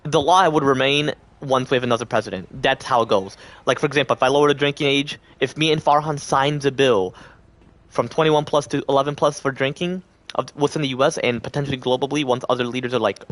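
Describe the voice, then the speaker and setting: A male livestreamer talks to his chat at a middle pitch. He rambles loosely from thought to thought and slips into little put-on voices to act out what others might say. The delivery is casual and unscripted. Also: fairly bright tone. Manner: acts out quoted voices.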